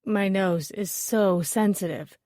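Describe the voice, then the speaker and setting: A woman's voice: mid-range voice, slow, warm tone, dry recording, clean studio sound, close to an everyday voice. A woman voicing a fussy man with a stuffed-up, nasal voice.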